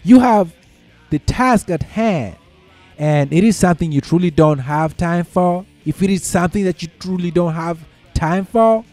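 A man with a slightly raised voice talks straight to his listeners in a loose, chatty way, often stopping to ask if they follow. He says y'all and folks and repeats his key points. The sound is dry and close, with soft music underneath. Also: high-pitched, normal speed, no echo. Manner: conversational, uses y'all and folks. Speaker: commentator. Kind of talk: casual advice talk.

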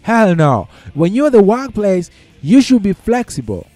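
A man's voice: sits high, sing-song, normal speed, mellow, dry recording, soft background music. A man talking casually through workplace advice, repeating his points and checking in with the listener, saying y'all and folks. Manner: conversational, uses y'all and folks. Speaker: commentator.

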